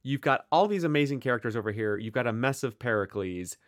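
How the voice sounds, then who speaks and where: American guy on a podcast, super lively pitch, keeps interrupting himself, dry sound. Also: fast talker, no room sound. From United States. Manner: animated, self-interrupting, joking. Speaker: podcast co-host. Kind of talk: casual chat.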